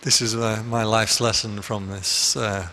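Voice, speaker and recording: A man's voice: lowish voice, level tone, a little slow, bright, forceful tone, slight background noise. A man, a Buddhist monk, giving a conversational dharma talk full of anecdotes in a meditation hall. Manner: conversational, anecdotal, with frequent restarts.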